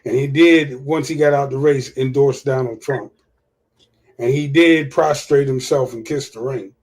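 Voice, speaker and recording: A man's voice: mid-range voice, steady tone, unhurried, darkish tone. A man hosting a livestream of casual political commentary, profane and repeating his points for emphasis. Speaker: livestream host.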